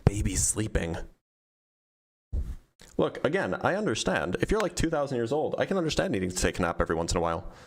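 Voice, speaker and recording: A man's voice: on the low side, very animated, creaky. A man hosting a live-streamed debate, speaking in a dry, teasing, casual way. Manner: dry, teasing, quick back-and-forth. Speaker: debate host.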